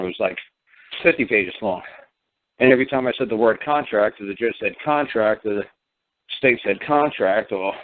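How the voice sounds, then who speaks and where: A man's voice: mid-range voice, slight background noise. A man with a New York accent talking in a blunt, profane, rambling way on a radio call-in show. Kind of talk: casual radio call-in talk. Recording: dry phone-line audio.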